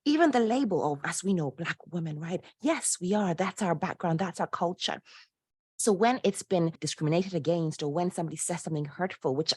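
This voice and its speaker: Podcast guest, woman, low-pitched, animated inspirational storyteller, dry close sound. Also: fairly quick, breathy edge, no room sound. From Poland. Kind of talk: conversational interview.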